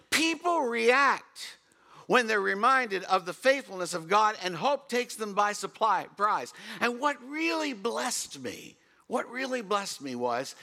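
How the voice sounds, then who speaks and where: An older man preaching a sermon, telling a story and singing bits of a gospel song, rising to loud bursts. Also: sits high. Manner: storytelling, sings snatches of hymns, builds to loud bursts. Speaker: pastor.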